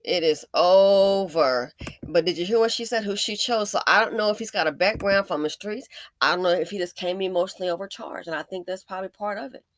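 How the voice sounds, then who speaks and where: Sarcastic woman with a bright voice. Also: fast talker, dry recording. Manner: sarcastic and emphatic, with repeated jabs; shifts between loud stresses and low muttering. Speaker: commentary channel host. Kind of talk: opinion commentary.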